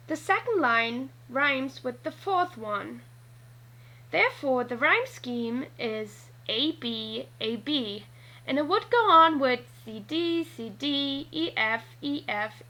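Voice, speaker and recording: A woman with a high voice narrates a scripted lesson at an unhurried, careful pace. Her tone is bright, and she spells out letters one at a time. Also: rough recording. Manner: slow and deliberate, spelling out letters. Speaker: teacher.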